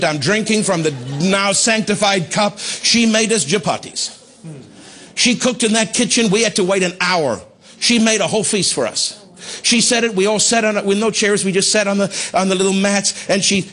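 A man pastor telling a testimony in a sermon, impassioned, building to shouts at the climax. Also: high voice, moderate pace. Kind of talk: sermon storytelling.

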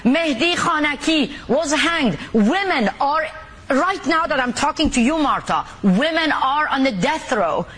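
High-voiced, forceful woman from the Middle East. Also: lively intonation, measured pace. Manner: forceful, indignant, insistent. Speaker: activist guest. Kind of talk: interview.

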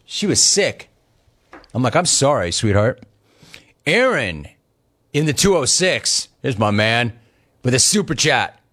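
A man's voice: medium pitch, measured pace, long pauses. A middle-aged man hosting a talk show, reading listener gripes aloud and teasing callers. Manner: teasing, animated, mock-outraged. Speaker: radio talk show host. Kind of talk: reading listener messages on live radio.

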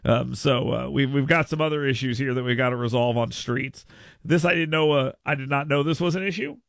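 Gravelly, bright-voiced radio host. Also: male voice, medium pitch, a little fast, dry recording, clean studio sound. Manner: playful, mock-proclamatory, rambling with restarts. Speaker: radio talk show host. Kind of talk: casual talk radio banter. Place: radio studio. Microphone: studio microphone.

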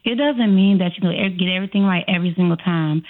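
A self-trust coach from Chicago, with a slight Chicago accent, is a guest answering interview questions and acting out her own inner dialogue. Her voice is fairly low and fast, heard over a tinny, phone-like line.

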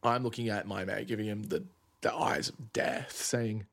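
A man in his twenties telling a personal travel story in a casual, vivid way with quick asides. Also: fairly low pitch, fairly even intonation, gravelly, a bit bright. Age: 20s. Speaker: student storyteller.

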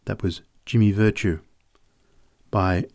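A man narrating short stories in a gentle storytelling manner, as in an audiobook reading. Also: fairly low pitch, fairly even intonation, slow, vocal fry, no echo, studio quality.

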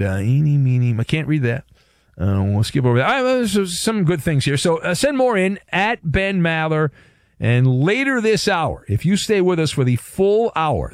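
Lively, wisecracking male radio host. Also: on the high side, no room sound, studio quality. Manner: animated, playful and wisecracking. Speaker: sports talk radio host. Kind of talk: sports talk radio monologue.

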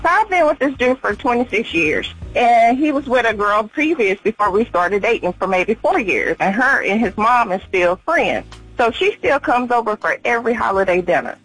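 Husky woman caller, lively pitch. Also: normal speed, faint music behind, low-quality recording. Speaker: radio caller.

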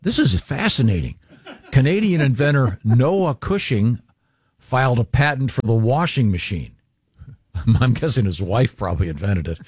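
A man co-hosting a morning radio show in a wry, halting way. His husky voice moves up and down a lot, and it sits dry and close in the studio. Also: medium pitch, very animated, darkish tone, dry recording. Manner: wry, chuckling, halting with fillers. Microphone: studio microphone.

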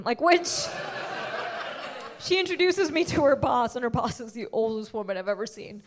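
Young woman doing stand-up, high voice, brash, acts out the people in her bits. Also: a little fast. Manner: brash, animated storytelling with voiced asides. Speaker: stand-up comedian. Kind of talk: stand-up comedy set.

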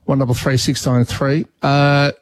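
A man's voice: mid-range voice, flat delivery, a little slow, dry recording. An Australian man hosting a talkback radio show, chatting casually with callers and thinking aloud with frequent restarts. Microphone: studio mic.

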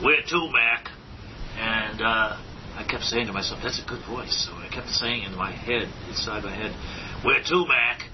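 Older man reminiscing, halting speech. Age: 70s. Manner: halting, many "uh"s, slips into voices. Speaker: puppeteer. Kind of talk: recorded interview, reminiscing. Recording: muffled recording with rumble behind.

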